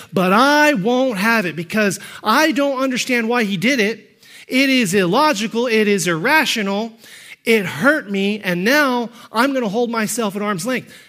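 A man preaching a sermon as pastor, emphatic and rising to shouts on key points, then dropping into quick, low-key storytelling.

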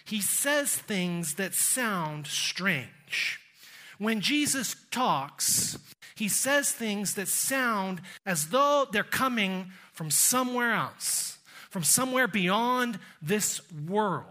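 A middle-aged man with a Texan accent preaching a sermon, telling a travel story with quoted voices and slowing down to stress key words. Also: sits high, animated, pushed and bright. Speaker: pastor.

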